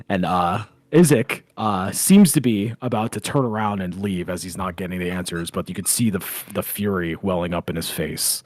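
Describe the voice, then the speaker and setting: A man narrating a tabletop game as game master, in a halting, filler-heavy way. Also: low voice, a little mellow, dry recording, studio quality, faint music behind.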